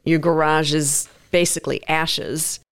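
A woman's voice: deep voice, little pitch movement, unhurried, clear, resonant tone. A woman interviewing a guest, asking direct questions and recapping his story.

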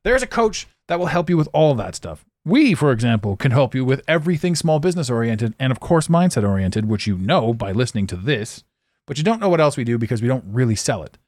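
A man's voice: medium pitch, big pitch swings, fairly quick, darkish tone, no room sound, studio quality. A man hosting a podcast, talking bluntly in a casual motivational monologue and swearing freely. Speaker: podcast host and life coach.

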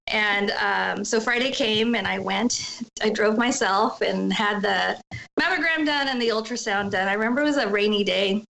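A middle-aged woman appears as an interview guest, candidly telling a personal story and acting out what others said in emotional retellings. Her mid-range voice is sharp with vocal fry, at normal speed, and the recording is rough.

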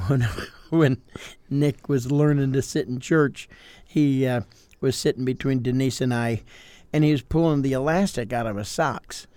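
A man's voice: medium pitch, smooth, dry recording. An older man, a pastor co-hosting a podcast, explaining in casual chat and acting out quotes. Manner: explains with acted-out quotes, animated.

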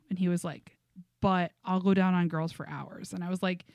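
A woman's voice: on the low side, normal speed, no echo, studio quality. A woman co-hosting a podcast, telling stories in a casual chat, full of fillers and laughs. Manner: animated storytelling with many fillers and laughs. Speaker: podcast co-host.

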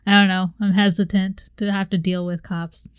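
A woman's voice: mid-range voice, level tone, normal speed, clean tone, no echo. A young woman co-hosting a casual chat, telling a story animatedly and acting out her own reactions with laughs. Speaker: podcast co-host.

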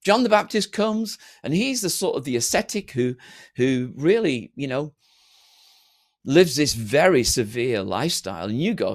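Guy preaching, animated, voice jumps all over, mid pitch. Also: measured pace. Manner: animated, drops into mock-bored voices for quotes. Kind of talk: sermon. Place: streamed church service.

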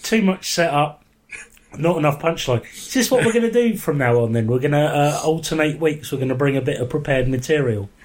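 A man in casual podcast banter, dry and teasing. He drops deadpan one-liners and mock-serious asides. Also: a little high, fairly quick. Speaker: podcast co-host. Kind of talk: casual chat.

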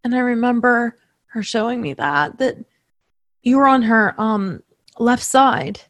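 Woman medium, slightly high voice, dry close sound, tender, halting, emotional. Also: fairly bright tone, no room sound. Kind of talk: recounting a mediumship reading to a sitter.

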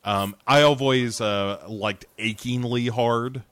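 A man hosting a podcast in casual chat, with playful, deadpan innuendo. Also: mid-range voice, slow, clear, resonant tone, no echo. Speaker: podcast host.

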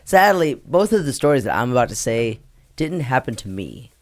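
A man's voice: mid-range voice, big pitch swings, normal speed. A man casually telling a secondhand story to friends, rambling and laughing as he goes. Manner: rambling, laughs through his own story. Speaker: podcast co-host.

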